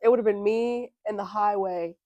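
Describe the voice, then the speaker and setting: A woman's voice: medium pitch, normal speed, dry recording, highs cut off. Profane young woman telling a story. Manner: profane, animated storyteller acting out quotes. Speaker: podcast co-host. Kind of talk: casual storytelling chat.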